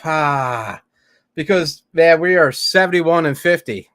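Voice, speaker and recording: A man's voice: on the high side, lively intonation, slow, a bit bright, dry recording, clean studio sound. A man co-hosting a casual sports podcast, talking in a laid-back, hesitant way full of "man" and "dude.". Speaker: podcast co-host.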